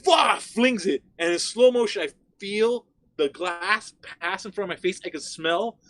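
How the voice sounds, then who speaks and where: Animated, profane man telling a story. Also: high-pitched, normal speed. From Miami. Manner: animated, profane, frequent "like" fillers. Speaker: guest. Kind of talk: casual storytelling chat.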